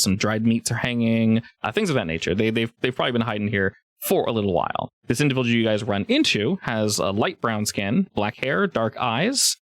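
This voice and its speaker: A man with a mid-range voice narrates a tabletop game as game master, relaxed and halting, with many fillers. The recording has no room sound.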